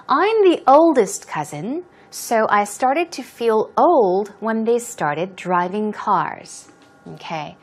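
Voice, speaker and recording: A woman teaching English, patiently going through a dialogue and explaining words and stress step by step. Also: a little high.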